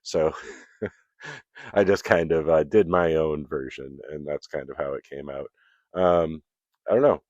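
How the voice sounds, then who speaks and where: A man hosting his podcast alone, talking casually in a relaxed, self-deprecating way and then reading his own essay aloud. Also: sits low, dry recording. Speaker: podcast host. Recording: dull, dry recording.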